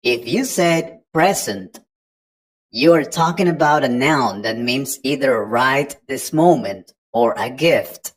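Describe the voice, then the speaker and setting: Woman English tutor, very low voice, slow and patient, walks learners through each point. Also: rough recording. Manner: patient, explains step by step to the learner. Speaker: English teacher. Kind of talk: online pronunciation lesson.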